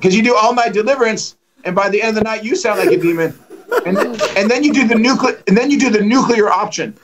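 A man telling lively stories as a guest evangelist on a livestream, acting out the quotes and joking. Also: high voice, fast, crowd noise, rough recording. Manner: animated, acts out quotes, joking. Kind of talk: storytelling in a livestream conversation.

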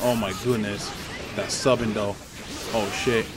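A man's voice: on the low side, level tone, a little slow. A young man with a Spanish accent giving loose, profane, trash-talking commentary while he plays a fighting game online. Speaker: gaming channel host. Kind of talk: live gameplay commentary.

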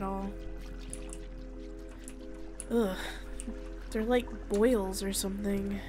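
A woman's voice: medium pitch, fairly even intonation, slow pace, long pauses. A young woman giving casual let's play commentary, chatty and emotional, swearing often and sometimes dropping to a whisper. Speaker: gaming streamer. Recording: game music playing behind.

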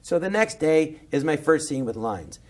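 A middle-aged man, a comedian, telling an animated anecdote in a podcast interview and acting out the voices. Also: fairly high pitch, moderate pace. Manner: animated, acts out every voice, jumps to shouting when excited. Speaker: guest comedian.

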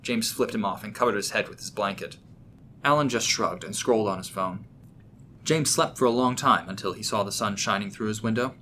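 A man narrating a horror story in a steady, expressive storytelling manner. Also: fairly low pitch, a little fast, slight background noise.

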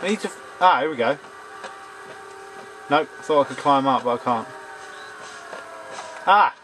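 A man giving gaming commentary, excitable and swearing jokingly at the game. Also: medium pitch, normal speed, a little hiss or hum, poor audio. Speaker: let's play gamer.

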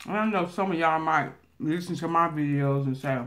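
A woman with a Southern country drawl, telling a story casually as a vlogger while eating on camera, talking loudly and laughing loud. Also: deep voice, moderate pace.

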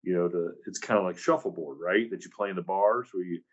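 A man's voice: deep voice, fairly quick, muffled recording. A man hosting a podcast, musing and rambling in casual chat. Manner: rambling, musing, laughs easily. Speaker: podcast host.

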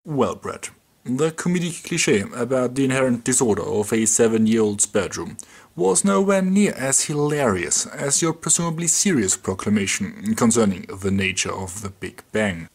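A man's voice: mid-range voice, big pitch swings, normal speed, slightly rough. A man with a German accent delivering dry, sarcastic scripted commentary.

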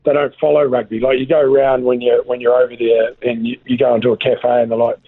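A man's voice: mid-range voice, flat delivery, fast, no room sound. A New Zealand man, a former rugby player, chatting casually as a guest in a laid-back, rambling way, full of fillers. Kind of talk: casual chat. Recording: tinny phone line.

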